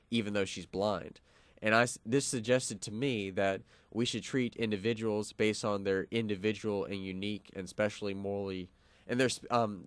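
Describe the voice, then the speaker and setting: A man's voice: low voice, dry recording. A young man co-hosting a college radio show, explaining a philosophical argument with lots of fillers and restarts. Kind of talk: casual philosophical discussion.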